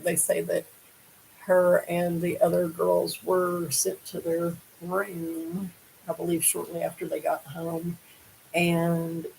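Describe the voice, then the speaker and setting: A woman's voice: fairly low pitch, creaky, a little mellow, slight background noise, low-quality recording. A woman hosting a casual true-crime show, reading from reports and questioning the story aloud in a conversational way.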